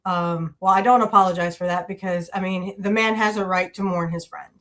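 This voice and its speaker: A woman's voice: fairly low pitch, steady tone, brisk, a bit bright. A woman hosting a podcast, chatting casually with many fillers and restarts. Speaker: podcast host. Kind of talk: casual chat. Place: indoor room with wrestling display behind her.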